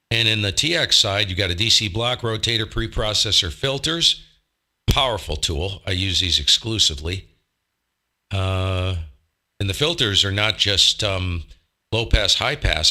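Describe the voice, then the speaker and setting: A man with a rather low but strikingly bright voice hosts a laid-back radio hobby live stream. He talks close to a desk microphone, wandering through his thoughts with rhetorical questions and a self-deprecating streak. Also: measured pace. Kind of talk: casual live-stream talk.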